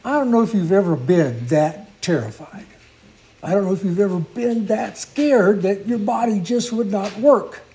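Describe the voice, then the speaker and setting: A man preaching a sermon, telling a story in an earnest, unhurried way with small restarts. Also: high-pitched, expressive, warm tone, rough recording.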